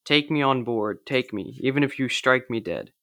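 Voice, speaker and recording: A man's voice: mid-range voice, normal speed, creaky, bright, forceful tone, dry recording, clean studio sound. A man reading aloud as a wild-eyed castaway, pleading and frantic with fear.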